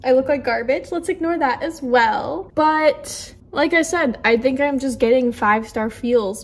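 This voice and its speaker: A young woman chatting in a casual reading vlog, gushing and emotional, with lots of fillers. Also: on the high side. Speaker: book vlogger.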